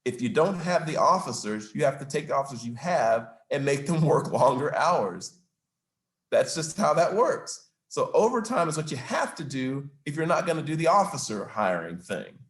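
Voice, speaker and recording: A man's voice: a little high, big pitch swings, moderate pace. A man speaking as a city mayor at a business event, answering questions in an emphatic, argumentative way and stressing facts and figures. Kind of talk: public Q&A answer. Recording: roomy, echoey room.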